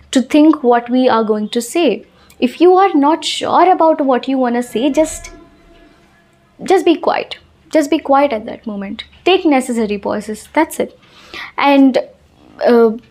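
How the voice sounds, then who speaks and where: A woman's voice: fairly high pitch, a little mellow. A woman giving an earnest talk to camera on speaking with confidence, repeating her points for emphasis. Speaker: English-speaking coach.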